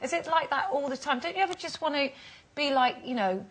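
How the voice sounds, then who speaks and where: A woman's voice: sits high, animated, brisk, a bit bright. Chatty woman co-host. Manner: chatty, teasing questions. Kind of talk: TV studio chat.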